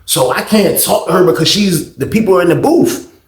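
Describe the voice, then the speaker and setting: A man telling a storytime vlog story in casual slang, animated and getting louder when excited. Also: high-pitched, brisk, echoey room, a little hiss or hum. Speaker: storytime vlogger.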